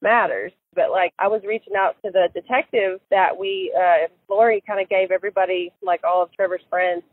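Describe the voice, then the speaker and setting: A woman's voice: mid-range voice, fairly even intonation, normal speed, few pauses. A woman recalling events in an interview, hesitant, with many fillers and restarts. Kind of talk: casual recorded interview. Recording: tinny phone-line sound, dry.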